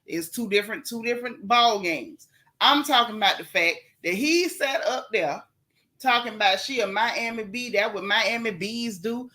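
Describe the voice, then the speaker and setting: A sassy woman from Central Florida hosts a live gossip stream, blunt and outspoken as she talks straight to her chat. Her voice sits a little high and sounds bright and sharp. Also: normal speed. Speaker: livestream gossip host.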